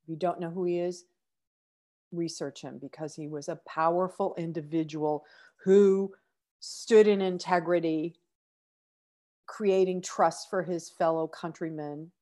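A middle-aged woman speaks slowly and earnestly as she hosts an inspirational podcast. Her voice sits a little low, and it carries emotion, with sighs and broken-off phrases. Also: steady tone, mellow. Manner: slow, earnest, emotional, breaks off to sigh. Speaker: podcast host.

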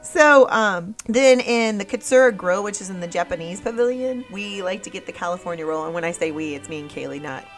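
A woman co-hosting a podcast in casual chat, talkative and quick to laugh. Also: medium pitch, animated, faint music behind, rough recording. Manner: chatty, laughs easily, lists items. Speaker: podcast co-host.

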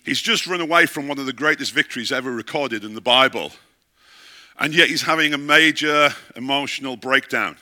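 Preaching at a normal speed, this middle-aged male pastor tells a story and often asks his audience questions. His voice is medium in pitch, with a bright, forceful tone.

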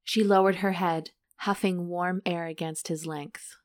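Her voice sits a little low for a woman. She reads each racy passage from a romance novel aloud with a slight giggle, then breaks off to tease and joke about it with her co-host, as on a relaxed chatty podcast. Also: measured pace. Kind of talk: casual chat and reading aloud.

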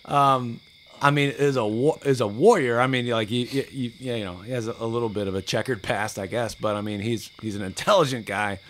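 A man in his forties, a podcast guest, telling casual stories in an animated way and acting out other people's lines. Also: mid-range voice, fairly quick. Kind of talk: casual storytelling.

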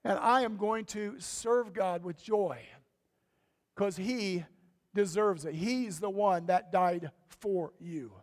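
A man's voice: sits high, slow pace, big-room sound. A male pastor delivering a folksy, emphatic sermon, his voice rising sharply on key points. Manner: folksy, emphatic preaching with sudden rises.

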